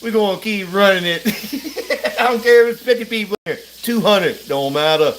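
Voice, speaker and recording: Rambling man with a high voice. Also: moderate pace, fairly bright tone, a little hiss or hum. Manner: loose, rambling, drawling, laughs often. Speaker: livestreamer. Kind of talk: casual livestream chat. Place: at home, cooking. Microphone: phone. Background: food frying and sizzling.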